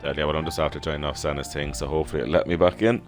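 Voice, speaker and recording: A man with an Irish accent calls a sim race live in a low, steady voice, running through pit stops and penalties in easy play-by-play. Music plays clearly behind him. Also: racing. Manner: steady play-by-play, informal banter. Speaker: race commentator. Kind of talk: live sim racing commentary. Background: background music.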